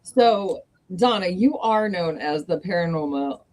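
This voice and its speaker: A woman co-hosts a podcast. Her voice is fairly low but swings up and down a lot as she eagerly asks her guest questions. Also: lively intonation, a little slow, darkish tone. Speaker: podcast co-host. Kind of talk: casual podcast interviewing.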